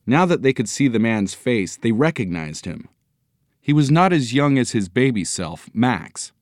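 A man narrating a children's story in a measured, expressive audiobook reading. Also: medium pitch, no echo, studio quality.

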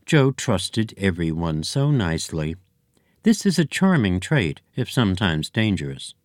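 A man reading a children's storybook aloud in a lively, expressive way. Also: sits low, measured pace, no echo, clean studio sound. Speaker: narrator.

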